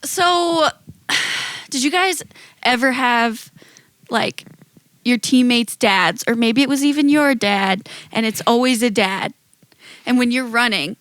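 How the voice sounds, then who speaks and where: A woman co-hosting a podcast, telling stories in an animated, expressive casual chat. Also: on the high side, no echo, low-quality recording. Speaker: podcast co-host.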